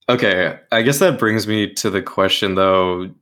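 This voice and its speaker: A man's voice: lowish voice, a bit bright. A man hosting a casual esports talk show, rambling with lots of fillers and restarts. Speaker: podcast host.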